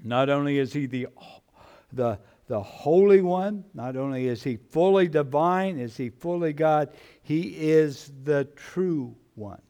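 A man preaching a sermon in church, slow and emphatic, repeating his phrases for weight. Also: a little high, lively intonation, warm tone. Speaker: pastor.

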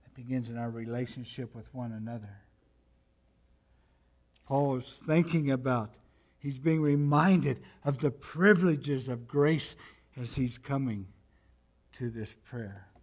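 A man preaching a sermon as pastor, swinging from hushed near-whispers to loud emphatic passages, reading scripture slowly and deliberately. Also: mid-range voice.

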